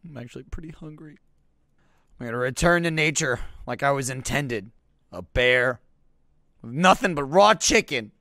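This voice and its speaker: Melodramatic young man gaming, lively pitch. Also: normal speed, pauses often, dry recording, studio quality. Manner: melodramatic mock grief, swinging between shouts and mutters; swears freely. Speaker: let's play gamer. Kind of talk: comedic gameplay commentary.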